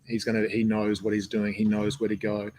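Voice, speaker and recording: A man's voice: fairly low pitch, completely flat delivery, brisk, a little mellow, a little hiss or hum. A man talking casually as a jiu-jitsu coach on a live stream, rambling with many fillers and restarts.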